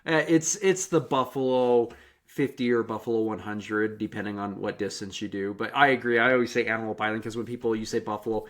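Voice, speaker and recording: A man's voice: lowish voice, fairly even intonation, fairly quick, fairly bright tone. A man hosting a podcast interview and coaching, talking in a rambling, encouraging way with many restarts. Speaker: podcast host and running coach. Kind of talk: casual interview chat.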